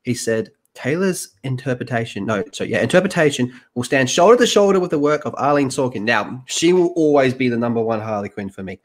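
Man, podcast host, medium pitch, joking, swears freely, reads out news between banter. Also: lively intonation, brisk, few pauses. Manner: joking, profane, banter with co-hosts. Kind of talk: casual reaction chat, reading aloud.

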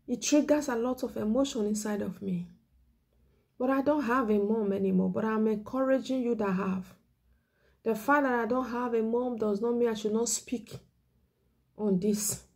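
Her voice is on the high side and warm as this woman evangelist pleads through an exhortation sermon. She is emotional, close to tears, repeating her points and lowering to a whisper on important words.

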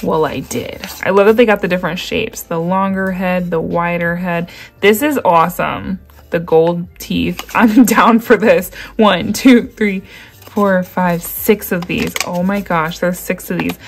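A woman with a fairly low, vocal-fried voice speaks at an unhurried pace and a fairly even intonation. She's at an indoor table vlogging a craft unboxing, gushing and exclaiming straight to her viewers in excited chat. Packaging crinkles in the background.

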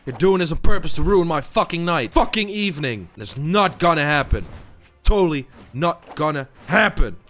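A man's voice: a little high, animated, moderate pace, a bit bright, soft background music. A tired young man, a non-native English speaker, swearing and muttering to himself during gameplay commentary. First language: not English. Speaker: gaming YouTuber.

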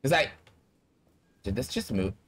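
A man's voice: medium pitch, animated, measured pace, a bit bright. A man giving casual let's-play commentary, blunt and talking straight to the game characters. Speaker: gaming streamer.

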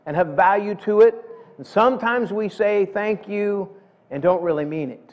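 A man's voice: high voice, a little mellow. A middle-aged man preaching a sermon in a folksy way, often repeating words as he builds up to a point. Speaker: pastor. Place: church sanctuary. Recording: dull sound with long church hall reverb.

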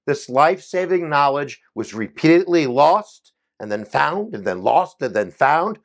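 A man giving a quick history explainer in an energetic, jokey way, with playful asides to his viewers. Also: fairly high pitch. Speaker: history educator.

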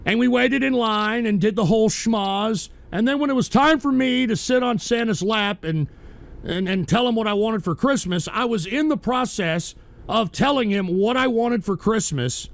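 Gravelly high-voiced man ranting profanely. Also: moderate pace. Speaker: radio show host. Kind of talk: angry live-stream rant.

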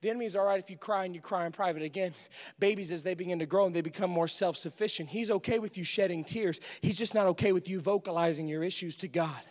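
A man preaching a Pentecostal sermon in a church, swinging from hushed pleading to full shouts. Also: high voice, fast talker. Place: church sanctuary.

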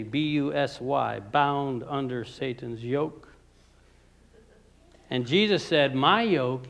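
A man preaching a sermon in a conversational way, asking his listeners questions and moving between loud emphatic lines and quiet ones. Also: a little high, vocal fry. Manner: conversational, asks the audience questions.

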